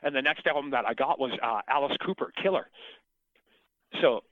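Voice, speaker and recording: Over a tinny, dry phone line, a middle-aged singer recounts his life in a relaxed interview, cursing often, wandering off track and frequently starting sentences over. He speaks at normal speed in a mid-range voice with no echo.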